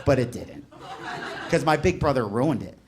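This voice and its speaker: A man performing a stand-up comedy set, telling animated stories and acting out voices. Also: mid-range voice, normal speed, a crowd in the background. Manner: animated, storytelling, lots of voices. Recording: noisy live club recording.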